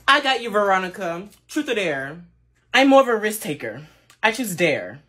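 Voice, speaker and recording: A young woman acting out school comedy skits with sassy, playful character voices and a husky tone. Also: mid-range voice, sing-song, normal speed, a bit bright.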